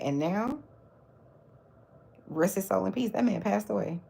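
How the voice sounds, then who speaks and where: A woman's voice: medium pitch, lively intonation, measured pace, vocal fry, mellow, husky. A woman hosting her own livestream, chatting casually about celebrity gossip with mocking asides. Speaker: livestream host.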